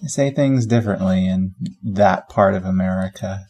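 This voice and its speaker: A man co-hosting a casual movie podcast, wry and quick to laugh, with a slightly husky voice. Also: deep voice, a little mellow, faint music behind. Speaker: podcast co-host. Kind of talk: casual movie review chat.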